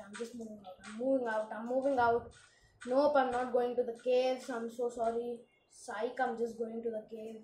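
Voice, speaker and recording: High-voiced excitable woman gaming. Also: roomy sound, a little hiss or hum, rough recording. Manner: excitable, frequent exclamations. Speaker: gaming channel host. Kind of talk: casual game commentary.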